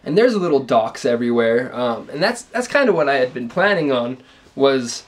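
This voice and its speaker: A man's voice: medium pitch, sing-song, normal speed. A young adult man casually telling a story on a vlog, laid-back and rambling with lots of ums. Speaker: vlogger's fiancé.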